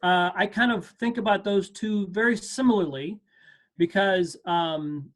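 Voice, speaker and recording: A man's voice: sits high, measured pace, a bit bright. Upbeat man teaching drums online. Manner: casual, encouraging, self-correcting. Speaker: percussion teacher. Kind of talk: online music lesson. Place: home, on a video call. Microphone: video call mic.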